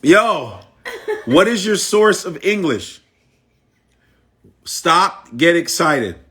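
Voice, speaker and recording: A comedian from the Bronx with a New York accent, ranting and teasing on a phone livestream. He talks slowly but his pitch climbs and dips all over. He keeps repeating the same punchlines in new voices. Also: big pitch swings, bright, forceful tone. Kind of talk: mocking comic rant on a live stream.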